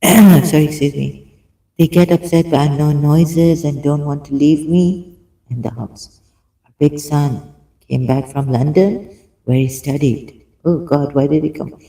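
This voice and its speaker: Slow, gravelly, dark-voiced man reading haltingly. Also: on the high side, poor audio. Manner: hesitant, many fillers and restarts. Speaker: video commentator. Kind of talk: halting reading aloud with commentary.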